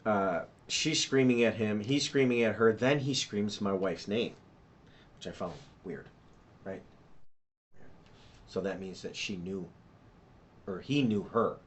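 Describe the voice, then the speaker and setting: A man giving a rambling, fast account to police as a witness, restarting sentences and sketching a map while he talks. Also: fairly low pitch, a little hiss or hum. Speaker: witness being interviewed by police. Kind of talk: police interview statement.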